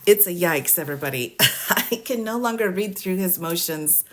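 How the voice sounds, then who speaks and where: A woman's voice: on the low side, animated, normal speed. Laughing, exasperated woman lawyer livestreaming. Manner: laughs often, exasperated and amused. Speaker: attorney giving legal case updates. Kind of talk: casual livestream commentary.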